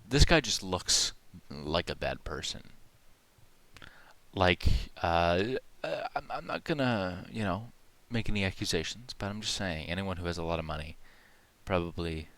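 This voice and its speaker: Low-voiced man rambling mock conspiracy talk. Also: unhurried, no room sound. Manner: hesitant, rambling, full of fillers and asides; deadpan, mock-serious. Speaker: video host. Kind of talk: rambling parody conspiracy commentary.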